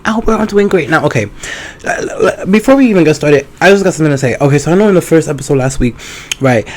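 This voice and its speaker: Loud, playful male podcast host, slightly high voice. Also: expressive, fast, slight background noise. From New York. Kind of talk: casual chat.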